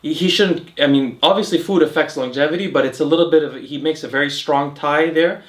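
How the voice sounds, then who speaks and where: Young male host, casual and rambling, slightly high voice, roomy echo. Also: a little fast. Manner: chatty, rambling with fillers and restarts. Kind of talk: casual Q and A chat. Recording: echoey room.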